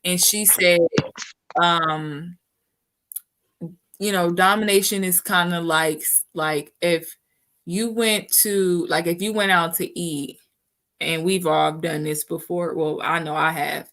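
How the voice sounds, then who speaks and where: A woman speaks candidly in relaxed conversation, circling back with easy asides to her listener. Her voice sits somewhat low but has a bright, forward edge. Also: slow pace. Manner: frank and chatty, often says "you know what I'm saying". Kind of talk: candid casual chat.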